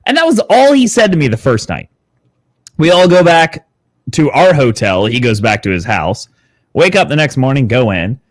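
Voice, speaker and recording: A man, a guest on a podcast, telling a story casually, animated and swearing freely. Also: mid-range voice, moderate pace, no room sound, studio quality. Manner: animated, swears freely, acts out quoted dialogue. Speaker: podcast guest, content creator.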